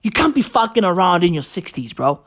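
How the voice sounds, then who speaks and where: A woman's voice: fairly low pitch, sing-song, a little fast. Profane, rambling woman. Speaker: podcaster. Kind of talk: comedic podcast rant.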